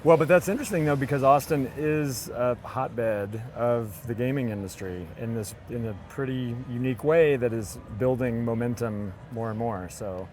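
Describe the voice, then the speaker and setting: A man's voice: mid-range voice, a little mellow, slight background noise. Playful man asking questions. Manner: playful, quick with jokes and eager follow-up questions. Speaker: podcast co-host. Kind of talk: casual interview at a party. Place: outdoor film party.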